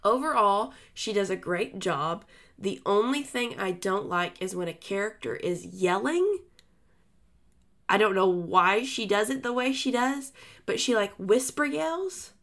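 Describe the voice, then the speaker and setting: A woman's voice: medium pitch, animated, measured pace, a bit bright. Chatty woman co-hosting a book podcast. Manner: chatty, full of fillers and restarts. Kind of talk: casual book chat.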